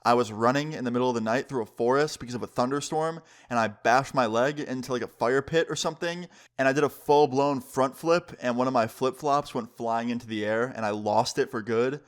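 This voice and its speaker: A young man in his twenties tells a storytime on his vlog, loose and casual, full of "like" and the odd swear word. His voice sits at an average pitch with an easy, conversational flow. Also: a little fast, hardly any pauses. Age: 20s. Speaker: vlogger.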